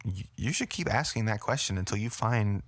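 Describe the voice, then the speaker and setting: A man co-hosting a podcast in casual chat, calm and steering the conversation with frequent pauses. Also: on the low side, no room sound. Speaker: podcast co-host.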